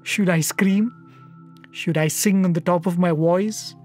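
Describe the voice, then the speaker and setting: A man giving a devotional storytelling talk, earnest and reflective, with soft hesitations. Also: high-pitched, fairly even intonation, measured pace, faint music behind. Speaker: satsang speaker.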